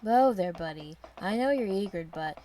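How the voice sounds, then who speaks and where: A woman's voice: medium pitch, expressive, normal speed, warm tone, distant mic, a little hiss or hum, close to an everyday voice. A woman voicing an eager, showy male jester who talks in a grandiose, theatrical way.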